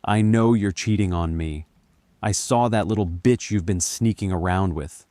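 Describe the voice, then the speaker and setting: A man's voice: low-pitched, moderate pace, warm tone, no room sound, natural voice. A man voicing a jealous wife who screams and curses accusations. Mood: furious.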